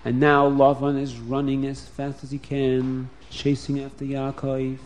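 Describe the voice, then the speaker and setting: A man's voice: medium pitch, monotone, unhurried. A man narrating a story to children, speaking expressively and addressing them directly.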